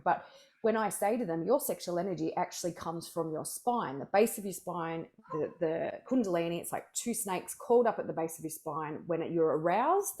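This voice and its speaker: Emphatic, energetic woman with a lowish voice. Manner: energetic, emphatic storytelling with frequent restarts. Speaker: sexual wellness coach, interview guest. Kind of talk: candid interview talk.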